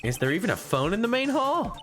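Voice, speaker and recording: A man's voice: sits high, very animated, a little fast, voice pushed up. A man reading as an earnest, jumpy young lawyer. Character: earnest young male lawyer, easily startled. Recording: game music behind.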